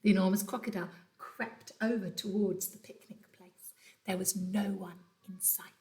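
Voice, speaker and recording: A woman teacher reading a children's storybook aloud from home, telling it in an animated, dramatic way. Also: medium pitch, moderate pace. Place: at home during lockdown.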